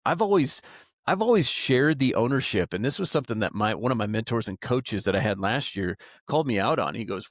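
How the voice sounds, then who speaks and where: Animated man, voice swinging widely. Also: medium pitch, fast talker, no room sound, clean studio sound. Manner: animated, acts out quoted remarks; candid and self-critical. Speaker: market director; guest. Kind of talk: casual interview talk.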